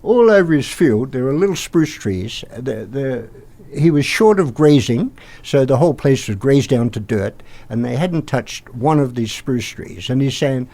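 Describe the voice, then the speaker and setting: An older Australian man, a podcast guest, rambling through an animated anecdote and acting out the quotes. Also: medium pitch, measured pace. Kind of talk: anecdotal storytelling.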